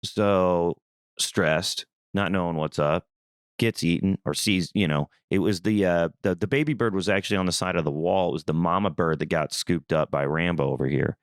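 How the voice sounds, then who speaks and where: A young man from Missouri hosting a podcast, telling a rambling, animated story in a casual, swearing manner. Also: sits low, moderate pace, clean tone, no echo, clean studio sound. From Missouri, USA. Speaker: podcast host.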